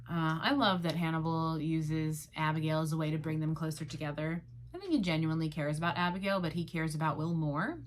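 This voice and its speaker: A young woman recaps a TV episode solo on her own podcast in casual chat, dry, sarcastic and swearing freely. She drops into quick mocking voices for the characters. Her speaking voice sits low for a woman.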